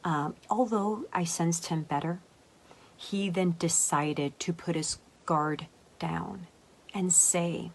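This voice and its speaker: A young adult woman with a low voice tells a story from her own life, like an emotional coach speaking to camera. She confides in an emotional way and often sinks to a hushed whisper. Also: slow pace, vocal fry.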